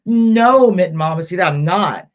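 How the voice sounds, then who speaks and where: A woman hosting a caregiver support live stream, talking in a casual, halting way with many fillers and restarts, and answering viewer comments aloud. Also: lowish voice, expressive.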